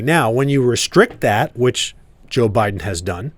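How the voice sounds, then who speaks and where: A man's voice: mid-range voice, lively intonation, measured pace. A man who is a congressman, a guest in a casual podcast interview, telling stories emphatically. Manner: storytelling, emphatic.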